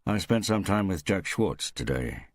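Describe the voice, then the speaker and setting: A man voicing a weary, shrewd male police captain who speaks in a measured, quietly ironic way. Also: sits low, sing-song, slightly rough, no echo, studio quality, pitched above the performer's own voice, full character voice.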